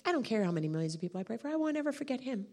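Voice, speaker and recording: A woman preaching with a somewhat high voice, swept up in her own testimony. She speaks with open emotion and conviction, in a storytelling sermon style. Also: sing-song, very fast, a little mellow.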